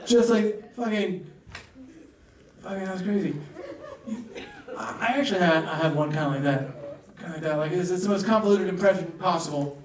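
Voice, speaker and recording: Guy emceeing at a comedy club, kinda high voice, rambly and self-mocking, roomy sound from back in the room. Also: brisk, pauses often, distant mic. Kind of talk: stand-up hosting and crowd work.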